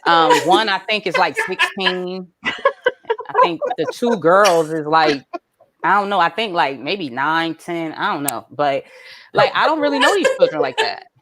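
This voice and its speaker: A woman doing a stand-up comedy set, animated and swinging between low mutters and high exclaims. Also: measured pace, noisy background.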